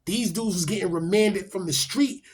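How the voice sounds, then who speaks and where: A man's voice: high voice, moderate pace, husky. A middle-aged man, telling a story in casual street talk and acting out the quotes. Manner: animated, acts out quotes, rising loud when excited.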